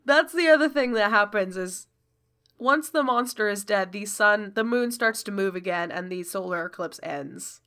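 A woman's voice: medium pitch, normal speed, pushed and bright. Woman, game master, casual tabletop narration, self-correcting.

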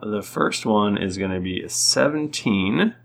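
Deep gravelly game master, slow. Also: male voice, expressive. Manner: playful, teasing narration. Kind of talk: narrating a tabletop game.

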